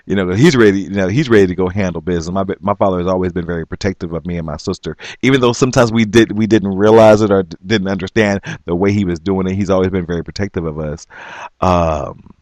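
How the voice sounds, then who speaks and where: Man, very low voice, dry close sound, halting earnest storytelling. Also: a little mellow, no room sound. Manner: halting, with frequent restarts; earnest and emphatic. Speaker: vlogger. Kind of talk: personal storytelling.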